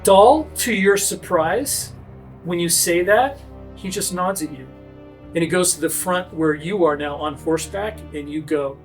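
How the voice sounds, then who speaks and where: A man narrating a tabletop role-play game as game master, setting each scene in brisk detail. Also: sits high, faint music behind.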